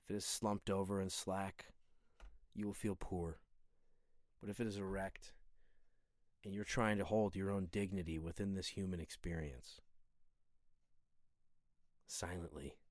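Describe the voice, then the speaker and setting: A man's voice: low voice, fairly even intonation, measured pace, long pauses, no echo, clean studio sound. A man hosting a training session, speaking in an earnest, musing and humble way. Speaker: fitness video host. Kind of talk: reflective spoken monologue.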